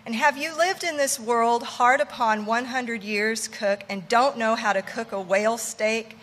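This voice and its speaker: A woman voicing a brash male ship's mate who teases and commands loudly. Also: on the high side, fairly even intonation, a little slow, big-room sound, a little hiss or hum. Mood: bossy teasing. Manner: loud, teasing, commanding.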